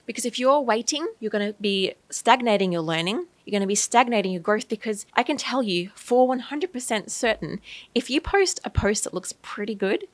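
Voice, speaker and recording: Fast-talking Australian woman podcaster. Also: mid-range voice, dry recording. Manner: energetic, emphatic, encouraging coach. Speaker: podcast host, graphic designer. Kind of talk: casual solo podcast talk.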